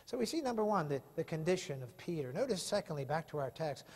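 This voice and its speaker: A man's voice: a little high, very animated, fast talker, a little mellow, breathy edge. A male pastor preaching an impassioned sermon full of rhetorical questions in a church sanctuary. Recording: long reverb of a church hall.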